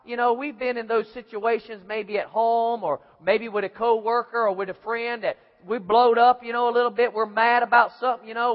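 A man preaching a sermon, dramatic and acting out voices, rising to shouts. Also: extremely high pitch. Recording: muffled, hall reverb.

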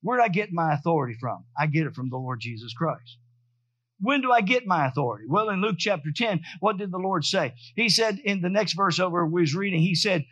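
A man's voice: high voice, animated, a little fast, a bit bright, no echo, highs cut off. A male pastor preaching a sermon emphatically, often repeating and restarting his words.

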